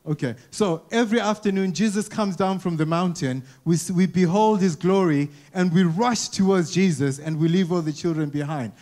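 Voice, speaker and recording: A man with a fairly high voice preaches to a church congregation in an easy, conversational way. He restarts and repeats words often and keeps asking the people questions. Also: normal speed, hardly any pauses, a little mellow. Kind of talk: conversational sermon. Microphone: wearing a mic.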